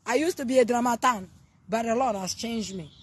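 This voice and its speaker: A woman from southern Africa preaching casually on a live stream, exuberant and loud in bursts, greeting viewers by name. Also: on the high side, brisk, slight background noise.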